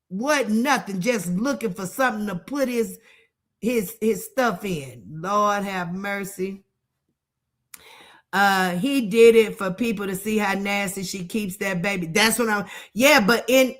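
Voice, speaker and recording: A woman's voice: a little high, fairly bright tone. A middle-aged woman hosting casual live-stream commentary. She is blunt and profane, laughs often and reacts to viewer comments.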